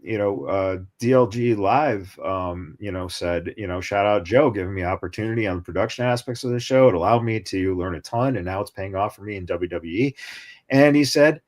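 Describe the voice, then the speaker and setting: A man's voice: low voice, a little fast, few pauses, a little mellow. A man co-hosting a podcast in casual chat, rambling with lots of fillers. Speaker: co-host.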